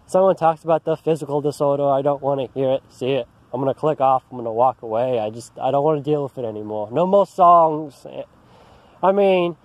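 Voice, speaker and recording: A man's voice: fairly high pitch, dull audio. A man venting in an agitated, frustrated rant to camera, outdoors in an empty park, often restarting his sentences. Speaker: vlogger. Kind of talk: angry personal rant to camera.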